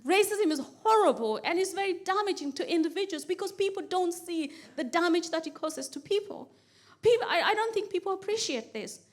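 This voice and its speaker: High-voiced woman telling stand-up stories. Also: a little fast. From Kenya. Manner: animated, repeats phrases for comic build, acts out pleading quotes. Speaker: stand-up comedian. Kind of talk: stand-up storytelling. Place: comedy stage with audience.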